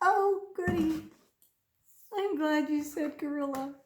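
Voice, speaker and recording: Super high-pitched lady doing a kids speech lesson, slow and animated, kinda echoey room. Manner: animated, encouraging, slow over-articulated prompts. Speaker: children's speech teacher.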